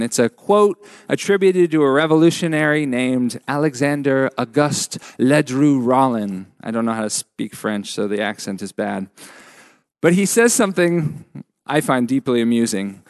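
A man preaching a sermon as a pastor, measured and emphatic with frequent pauses. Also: a little high, animated, dry recording, studio quality.

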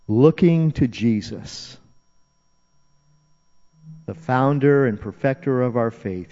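Slow earnest male pastor preaching. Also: fairly low pitch, warm tone. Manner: earnest, repeats phrases for emphasis. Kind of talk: sermon. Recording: dull, reverberant hall recording.

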